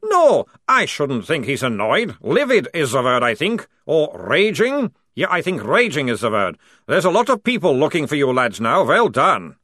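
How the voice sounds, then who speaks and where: Male reader playing a smug soldier, loud and sarcastic, lively drawl, dry close sound. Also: on the high side, normal speed, hardly any pauses, no room sound, voice pushed up, heavily acted. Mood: mocking. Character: cocky, relaxed enemy sergeant, bound prisoner.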